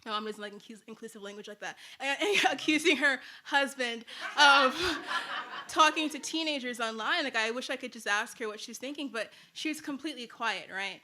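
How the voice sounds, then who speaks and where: A young woman tells a true story from her own life to a listening crowd, in a loose, chatty way that leans hard on "like" and breaks into laughs at her own punchlines. Her voice sits a little high and rings bright and forward. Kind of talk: personal storytelling to an audience.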